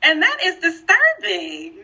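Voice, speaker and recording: A woman co-hosting a casual podcast discussion, talking in an animated, emphatic way and laughing often. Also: very high voice, slow pace, vocal fry. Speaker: podcast co-host. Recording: dull lo-fi recording.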